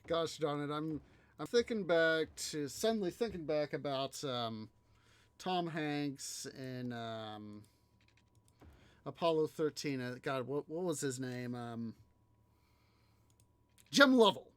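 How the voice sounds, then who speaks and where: A man's voice: a little high, slow pace, clean tone, no echo. A man hosting a city-building game video, musing aloud in rambling casual commentary full of fillers. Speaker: let's play host.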